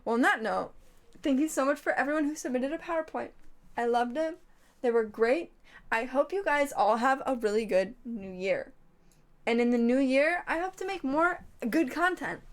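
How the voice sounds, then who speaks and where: A young adult woman livestreamer in casual chat, giggly, rambling and self-mocking. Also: high-pitched.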